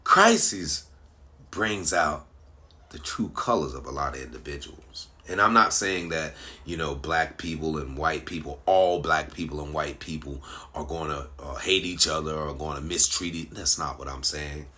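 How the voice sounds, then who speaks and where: A man commenting to his online followers, animated and repetitive, with frequent restarts and rhetorical questions. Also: extremely low pitch, moderate pace. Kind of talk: casual monologue to social media followers.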